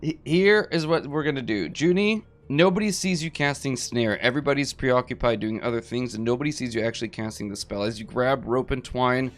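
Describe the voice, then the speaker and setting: A man's voice: mid-range voice, fairly quick, hardly any pauses, faint music behind. A man running a tabletop game as game master, describing the scene vividly.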